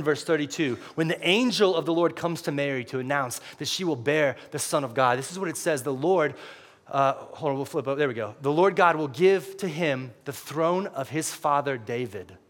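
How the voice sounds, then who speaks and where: A man preaching a sermon as pastor, animated, acting out voices and shouting for emphasis. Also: a little high, fairly quick. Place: church.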